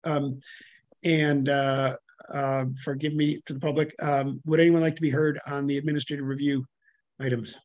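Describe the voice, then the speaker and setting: Halting man chairing a public hearing. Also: a little high, level tone, a little mellow, no echo, dull audio. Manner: halting, many fillers, self-correcting. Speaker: commission chair.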